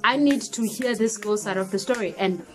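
A young woman vlogger tells a personal story, animated and dramatic, mixing in Xhosa phrases. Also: mid-range voice, moderate pace, soft background music. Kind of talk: storytime vlog.

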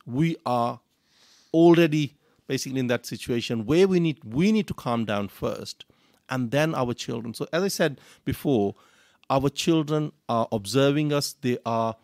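Brief: male radio co-host, gravelly mid voice, dry sound, halting and conversational. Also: medium pitch, a little mellow, no room sound. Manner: halting, many fillers and restarts. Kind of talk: parenting advice talk.

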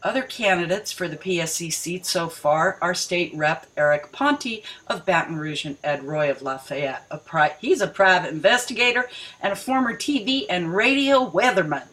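A woman's voice: on the low side, expressive, normal speed, fairly bright tone, poor audio. A woman reading news articles aloud and breaking off to mock them, rereading lines for emphasis. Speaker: video commentator.

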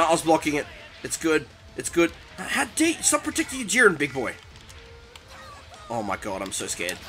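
A young man giving excitable, panicky commentary over his own fighting-game match, taunting his opponent. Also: sits high. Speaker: gaming YouTuber. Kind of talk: live gameplay commentary. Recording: game music behind voice.

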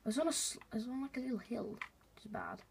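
A woman's voice: a little high, huge pitch swings, brisk, creaky, a little mellow, a little hiss or hum. A woman hosting a gaming video, chatting casually and rambling to viewers as she plays. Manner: chatty, rambling, talks to viewers while playing. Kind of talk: casual gameplay commentary.

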